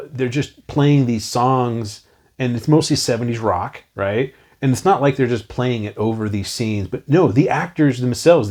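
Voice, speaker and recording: A man's voice: medium pitch, husky. A man in his forties co-hosting a casual movie review show, talking enthusiastically and quoting lines he loves. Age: 40s. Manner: enthusiastic, animated, quotes lines from the film. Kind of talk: casual film review chat.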